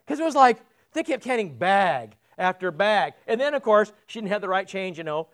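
This pastor's sermon is conversational, full of questions for the congregation in the church sanctuary. He has a high, fairly bright voice with big pitch swings, delivered at a moderate pace.

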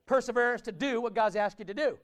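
A man's voice: very high-pitched, fast. A man preaching a conversational sermon in a church, often asking his listeners questions. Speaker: pastor.

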